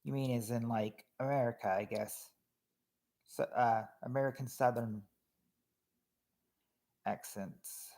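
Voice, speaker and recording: A man's voice: medium pitch, fairly even intonation, slow, long pauses, darkish tone. A man casually hosting a family game show on a livestream, reading out viewers' answers and names, with a lot of hesitant restarts. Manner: chatty, reads chat names, hesitant restarts.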